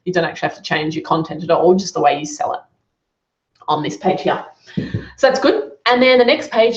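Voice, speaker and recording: A woman running a live online Q&A as a business coach, giving upbeat, encouraging feedback on students' work. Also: medium pitch. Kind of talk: live Q&A session. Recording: roomy, dull lo-fi sound.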